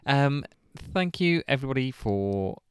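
A man hosting a casual podcast, rambling between ums with easy laughter. His voice is smooth and resonant, with a lively pitch, and the sound is close and dry. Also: measured pace, no room sound. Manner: rambling, laughs often, many fillers. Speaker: podcast host. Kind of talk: casual chat.

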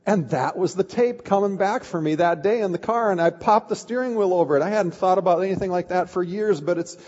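A man's voice: high-pitched, a little fast, a little mellow. A middle-aged man preaching a sermon as pastor, telling a personal story in a candid way with frequent restarts. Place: church sanctuary. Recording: dull sound with long hall reverb.

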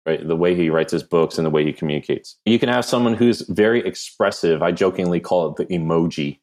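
A man with a New Jersey accent, a podcast guest giving animated, self-deprecating answers in casual conversation. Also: low voice, brisk. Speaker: podcast guest, brand strategist.

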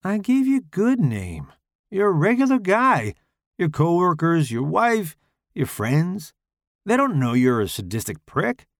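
A man's voice: high-pitched, wildly swooping pitch, a little slow, no room sound, clean studio sound, voice pushed up, exaggerated voice. A man voicing a harried, pained horror writer.

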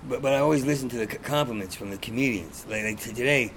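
Brief: a man as a stand-up comic guest, gravelly, stutters, swears freely, faint hiss behind. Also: medium pitch, quick pace, fairly bright tone. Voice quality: stutter, repeats sounds. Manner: blunt, profane, rambling. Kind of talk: casual conversation.

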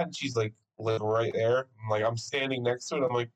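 A man's voice: medium pitch, fairly quick, hardly any pauses, low-quality recording. A young man co-hosting a podcast, telling a story in casual chat with swearing and frequent laughs. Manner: animated, swearing, laughs often. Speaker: podcast co-host.

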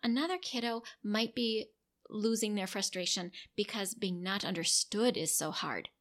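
Mid-aged woman explaining parenting tips, patient and gentle, plain steady voice. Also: mid-range voice, moderate pace. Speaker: parenting educator. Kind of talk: instructional talk to parents.

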